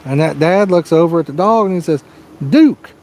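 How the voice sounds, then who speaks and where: A man hosting a live fishing show outdoors, his voice a touch higher than most men's. He talks in a loose, rambling, folksy way, telling a long joke while baiting his hooks. Faint outdoor noise sits behind him. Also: fast, darkish tone. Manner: rambling, folksy storytelling with frequent "you know". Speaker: fishing livestream host. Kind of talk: casual live-stream chat and joke telling. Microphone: personal microphone.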